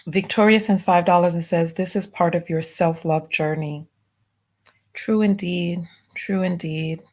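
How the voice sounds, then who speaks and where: Lady on a livestream reading out donations slow, kinda low voice, quiet thank yous after each. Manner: reads donation messages aloud, then softly thanks each. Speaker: livestream host. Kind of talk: live stream, reading viewer donations.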